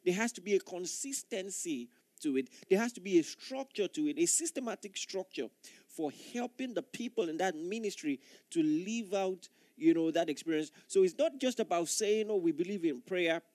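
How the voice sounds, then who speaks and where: A man's voice: high voice, lively intonation, normal speed, dark tone, no room sound, studio quality. A male pastor preaching a sermon in an earnest, emphatic way, repeating key phrases for weight.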